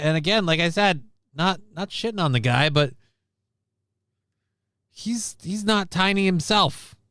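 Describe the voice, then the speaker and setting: A man's voice: on the high side, fairly bright tone, clean tone, no room sound, studio quality. A man hosting a live stream, riffing sarcastically and rambling through news stories in casual commentary.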